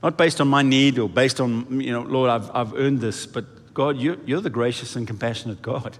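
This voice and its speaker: A man preaching a sermon in an animated way, swinging his pitch and volume as he acts out quoted voices. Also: normal speed. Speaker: pastor. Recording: echoey hall reverb.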